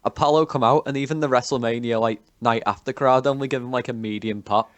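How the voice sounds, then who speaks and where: A man's voice: mid-range voice, fairly even intonation, fast, no echo, lo-fi sound. A man calling in to a show, chatting with small hesitations. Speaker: caller.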